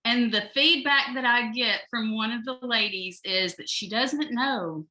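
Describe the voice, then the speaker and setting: A woman's voice: a little high, unhurried, bright, forceful tone, rough recording. A woman with a North Georgia Southern accent, chatting on a panel as a novelist, laughing often. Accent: Southern American, North Georgia. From North Georgia, USA. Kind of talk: casual panel discussion.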